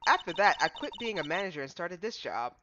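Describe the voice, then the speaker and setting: A composed young woman in charge of an exhibit speaks calmly and politely, read out by a woman streamer. The voice sits a little low with a lively lilt. The sound is dull and lo-fi with noticeable noise. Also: a little fast. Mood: earnest. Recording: muffled lo-fi with clear background noise.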